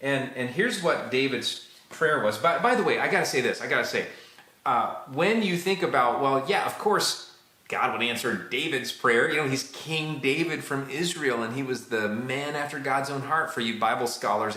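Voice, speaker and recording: A man's voice: mid-range voice, bright, forceful tone, roomy sound. A man preaching a sermon in an earnest, repetitive way, acting out prayers as he speaks. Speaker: pastor.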